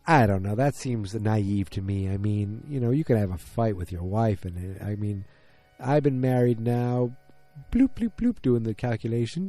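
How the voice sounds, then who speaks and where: A low, mellow-voiced man in his forties talks through a TV episode recap in a loose, rambling way, stopping often for ums and side remarks. The sound is dry and close, with faint music underneath. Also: no echo. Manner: rambling, hesitant, full of ums and asides. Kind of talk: casual solo recap.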